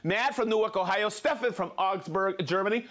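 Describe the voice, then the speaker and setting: With a high-sitting, fairly bright voice, a man hosting a livestream reads viewers' names and home towns. He's jokey, gets tangled on difficult place names, and keeps up quick asides.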